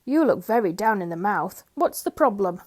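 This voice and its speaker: A woman doing a loud, nosy storybook busybody. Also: mid-range voice, lively intonation, normal speed, lightly acted. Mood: prying. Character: nosy long-nosed male storybook busybody.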